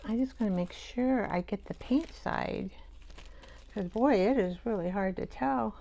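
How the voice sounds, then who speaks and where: A woman hosting a live art show, chatting and thinking aloud as she works, with soft half-whispered asides. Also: mid-range voice, measured pace, creaky. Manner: chatty, rambling, talks to herself while working.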